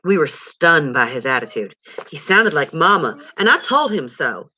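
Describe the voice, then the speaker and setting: A woman reading a novel aloud at home in an expressive storytelling way. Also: low-pitched, normal speed, a little hiss or hum. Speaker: reader.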